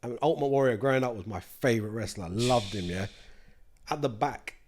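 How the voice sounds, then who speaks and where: A man's voice: medium pitch, fast. A man with a London accent, a podcast guest telling a long story in a casual, slangy way. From East London. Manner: chatty, slangy, lively storyteller. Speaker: guest, snack brand co-founder.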